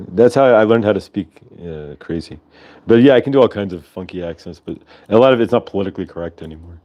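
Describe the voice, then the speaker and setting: A man hosting a casual livestream, chatting in a rambling way over a video call. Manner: rambling, chatty, lively pitch swings. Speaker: host.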